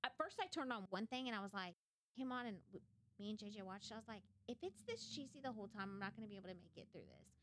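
A woman co-hosting a podcast in casual chat, telling stories with lively acted-out quotes and free swearing. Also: medium pitch, rapid-fire, a little hiss or hum. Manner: animated storytelling, swears freely. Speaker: podcast co-host.

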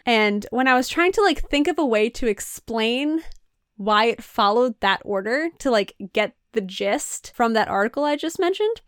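A woman's voice: fairly high pitch, animated, normal speed, fairly bright tone, clear, resonant tone, no echo, studio quality. A woman co-hosting a casual chat, patiently explaining with a giggly, loose manner and lots of "like". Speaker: podcast co-host.

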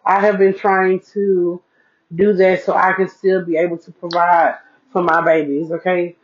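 A woman's voice: on the low side, level tone, a little slow, slight background noise. Chatty woman podcaster, dull lo-fi sound. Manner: chatty, repeats herself for emphasis, addresses listeners as y'all. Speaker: podcast host, single mom. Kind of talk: casual solo podcast chat. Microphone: podcast mic. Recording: dull lo-fi recording.

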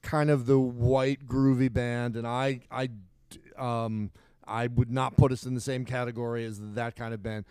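A middle-aged man talks in a smooth, resonant voice, rambling through stories with restarts and bursts of excitement. The sound is dry and close, with no room around it. He sounds like a podcast co-host chatting loosely with a friend. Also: medium pitch, a little slow, no room sound. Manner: animated, rambling storyteller with frequent restarts. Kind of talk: casual chat.

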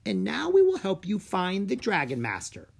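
A storybook narrator voicing a playful female fairy in a high sing-song voice. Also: huge pitch swings, normal speed, vocal fry, breathy edge, heavily acted.

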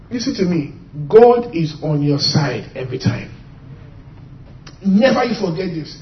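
Preacher, male, high pitch, emphatic call-and-response, dull distant recording. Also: lively intonation, unhurried, long pauses, echoey room. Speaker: pastor. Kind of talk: sermon.

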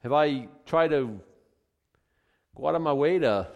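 A male pastor preaches in an animated, conversational way, firing off rhetorical questions. His pitch rises and falls widely as he talks. The voice carries a long reverb from a large church hall. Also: unhurried, gravelly, lo-fi sound. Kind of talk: conversational sermon.

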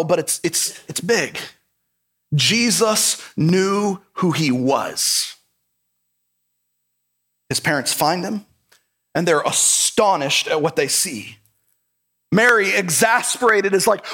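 Earnest high-voiced male pastor preaching. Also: animated, unhurried, long pauses, fairly bright tone. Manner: earnest, emphatic, repeats key phrases. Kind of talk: sermon.

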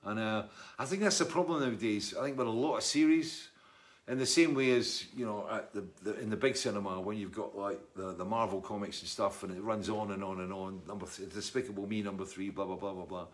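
Chatty Scottish man, fairly low voice. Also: brisk. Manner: rambling, chatty, wry. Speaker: musician answering viewer comments. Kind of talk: casual live chat reading comments.

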